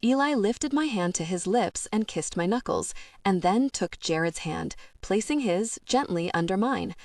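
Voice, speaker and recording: A woman reading a first-person romance audiobook, telling the story in a gentle, even way on a close microphone. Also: mid-range voice, a little slow, dry recording. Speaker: audiobook narrator.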